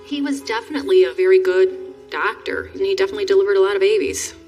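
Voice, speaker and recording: A woman's voice: mid-range voice, fast talker, a little mellow, far from the mic, faint music behind. Emphatic woman, former nurse. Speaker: former labor and delivery nurse. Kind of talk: interview.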